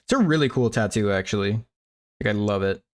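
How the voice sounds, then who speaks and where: A man's voice: on the low side, expressive, normal speed. A man streaming while he draws, chatting casually, rambling and chuckling as he searches for words. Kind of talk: casual chat while drawing.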